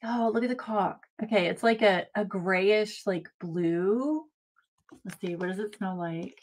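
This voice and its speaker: Slow-talking gushing woman. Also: medium pitch. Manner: gushing, excitable, talks to viewers as y'all. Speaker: craft channel host. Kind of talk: casual live-stream unboxing chat. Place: home craft room.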